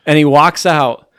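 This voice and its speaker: A podcast host with a slightly high, somewhat bright voice rambles casually through a ranking of TV shows, saying "like" constantly. The sound is clean studio quality with no room sound.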